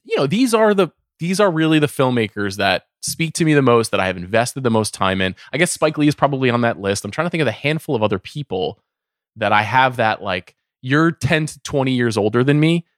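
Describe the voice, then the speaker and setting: A middle-aged man talks films on a podcast, earnest and a little rambling, stacking up repeated words when he gets carried away. His voice sits at an ordinary pitch for a man. The studio sound is dry and close, with no room around it. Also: big pitch swings, brisk, dry recording. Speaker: podcast co-host. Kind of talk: casual film chat.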